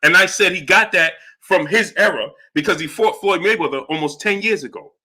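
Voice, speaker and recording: Brief: middle-aged man, boxing live-stream host, sharp, piercing tone, a bit high, exasperated, repetitive. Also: fairly quick, slightly rough. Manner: exasperated, repeats himself, shouts out chat names. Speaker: boxing talk show host. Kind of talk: live-stream commentary reading super chats.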